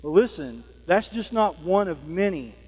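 Chatty preacher in an echoing hall. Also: male voice, high voice, lively intonation, moderate pace, a little mellow. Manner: conversational, frequent fillers and "Amen?" checks. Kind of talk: sermon.

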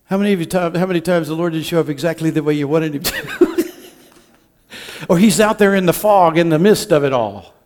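A man preaching a sermon as pastor, impassioned, moving between hushed and loud delivery. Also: on the high side, moderate pace.

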